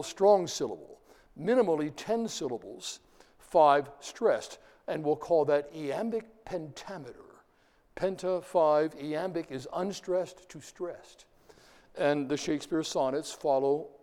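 Warm-toned and slightly high, this middle-aged man's voice carries a long reverb as he gives a class lecture. He puts questions to the students and reads verse aloud, tapping out its rhythms.

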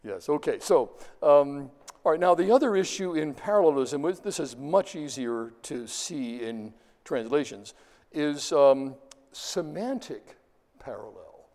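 A man's voice: fairly high pitch, expressive, unhurried, darkish tone, in a large hall. A man giving a classroom lecture, explaining step by step and asking his students questions as he goes. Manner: explanatory, stops often to ask the class.

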